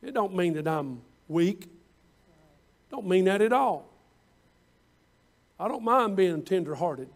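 A man preaching a sermon as pastor, stretching out his words and rising louder on scripture quotes. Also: high-pitched, expressive, slow, long pauses.

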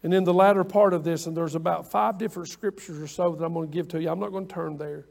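A middle-aged man delivers a sermon with a notably high-pitched voice. His preaching is folksy and conversational, circling back on his own phrases as he talks to the congregation like neighbors. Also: steady tone, fast, gravelly, darkish tone. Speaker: pastor.

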